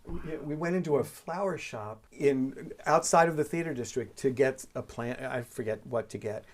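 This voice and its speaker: A man from Boston, a guest in a casual conversation, telling theatre stories with frequent restarts. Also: mid-range voice. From Boston, USA. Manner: storytelling with halting restarts. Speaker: guest recalling theatre production.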